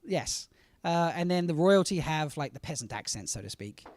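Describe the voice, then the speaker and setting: A man hosting a live convention panel, chatty and quick with asides to the audience. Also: fairly high pitch, lively intonation, a little mellow. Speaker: panel host.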